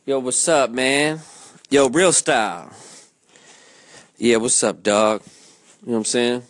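A man's voice: medium pitch, slow, no room sound, clean studio sound. A man hosting a casual show, chatting in slangy banter and rapping in a rhythmic rhyming flow. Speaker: podcast host and freestyle rapper. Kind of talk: casual chat and freestyle rap over a beat. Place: Alaska. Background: hip hop beat.

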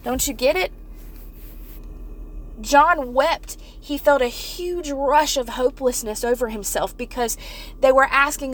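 A woman's voice: sits high, measured pace, long pauses, fairly bright tone, slight background noise. A woman giving an earnest devotional talk to viewers, often repeating and restarting phrases as she builds to fervent emphasis. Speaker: Christian speaker.

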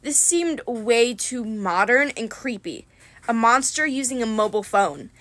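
A woman reading a first-person adventure novel aloud in a lively storytelling manner. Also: on the high side, unhurried, dry recording. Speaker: reader.

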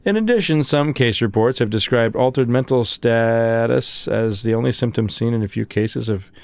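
A man's voice: medium pitch, a little mellow, dry recording. A male podcast guest with a mid-range voice talks loosely and trips over long terms when reading aloud. The recording is dry and close. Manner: reads aloud haltingly, stumbles on terms. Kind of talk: casual chat.

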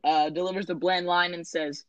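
A woman's voice: fairly low pitch, steady tone, normal speed, dry recording, highs cut off. Rambling sarcastic young woman, dry sound. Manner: rambling, self-correcting, sarcastic asides. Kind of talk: casual movie recap chat.

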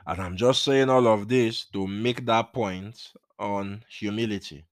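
A man's voice: fairly low pitch, a little slow, few pauses, no room sound, studio quality. A man preaching a Bible teaching sermon, earnest and emphatic, repeating his key points.

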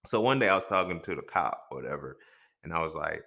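A man's voice: low-pitched, lively intonation, quick pace, gravelly, pushed and bright. Blunt, profane man talking casually. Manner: blunt, profane, conversational storytelling. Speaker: podcast host. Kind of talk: casual solo commentary.

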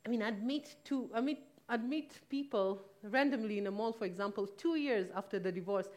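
A woman's voice: medium pitch, a little fast, a little mellow. A woman telling a painful personal story in a candid, reflective way, now and then correcting herself. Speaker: guest telling her own story.

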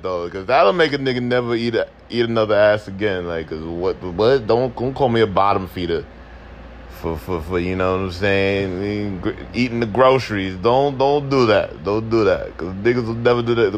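A man's voice: lowish voice, animated, fairly quick, fairly bright tone, a little hiss or hum. A young man hosting a podcast, ranting casually with lots of slang and swearing, laughing often. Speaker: podcast host. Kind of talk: casual opinion rant.

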